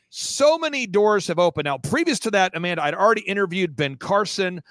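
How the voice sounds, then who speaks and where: A man as an interview guest, telling a story quickly and excitedly and acting out the voices of the people in it. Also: high-pitched, no room sound. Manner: excitable, acts out quoted voices. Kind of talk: fast animated storytelling.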